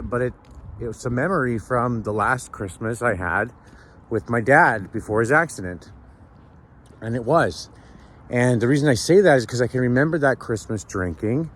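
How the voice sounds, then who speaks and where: A man's voice: mid-range voice, animated, normal speed, a bit bright, slight background noise. A man talking through a casual walking vlog outdoors in the morning, reflective and rambling, with many restarts and "right?" tags. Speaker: sober vlogger. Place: outdoors on a city street at sunrise.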